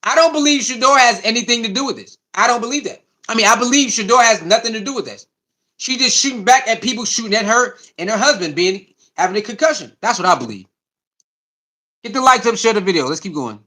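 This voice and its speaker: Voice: medium pitch, animated, fast talker, pushed and bright. A sports commentary host, reacting to clips and chat in a loose, repetitive way.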